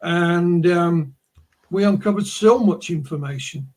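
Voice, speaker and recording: Telling stories as a guest on a video call, a Yorkshire-accented man from Yorkshire, England, speaks in a high, somewhat mellow voice at a slightly slow pace. The conversation is casual, and he rambles, frequently starting over.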